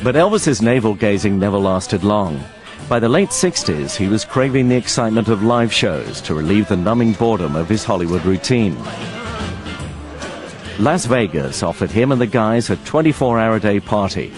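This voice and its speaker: A man reading scripted documentary narration in a measured, wry way. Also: on the low side, big pitch swings. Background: music.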